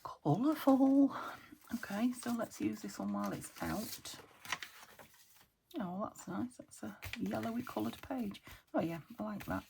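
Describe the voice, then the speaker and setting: A middle-aged woman from the UK with a croaky voice, hosting a casual crafting video and thinking aloud, often dropping into half-whispers. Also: medium pitch, normal speed, a little mellow, a little hiss or hum. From United Kingdom. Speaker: crafting channel host.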